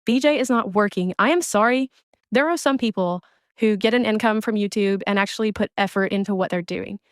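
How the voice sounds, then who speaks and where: A woman's voice: mid-range voice, a little fast, clean tone, no room sound. A woman delivering a blunt, scornful commentary rant, speaking close to the mic. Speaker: commentary creator. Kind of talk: ranting commentary on another streamer.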